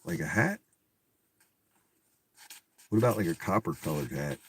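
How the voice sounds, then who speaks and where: A low-voiced man with lively intonation and a measured pace reads a storybook aloud, repeatedly stopping for profane, incredulous comic commentary. A faint hiss or hum sits in the background.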